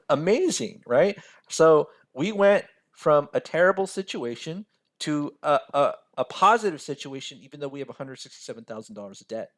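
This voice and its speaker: A man's voice: a little high, very animated, moderate pace. A man teaching a personal finance lesson over a screen share. He talks casually, keeps checking in with "right?" and laughs at himself now and then. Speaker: financial mentor.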